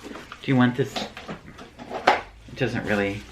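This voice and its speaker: Very deep-voiced easygoing woman. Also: fairly even intonation, extremely slow, heavy background noise. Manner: easygoing, chatty. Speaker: beauty vlogger host. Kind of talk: casual unboxing chat.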